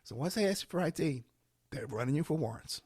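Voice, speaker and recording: A man with a hoarse, worn-out voice telling a story and giving advice as a podcast guest, acting out the voices he quotes. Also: fairly high pitch, quick pace, no room sound, clean studio sound. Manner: animated, acts out quoted voices. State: hoarse, losing his voice.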